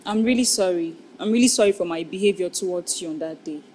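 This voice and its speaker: A young woman playing a daughter who speaks softly and apologetically. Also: fairly low pitch, fast talker, slight background noise, close to an everyday voice. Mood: apologetic. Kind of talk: Nollywood film acting.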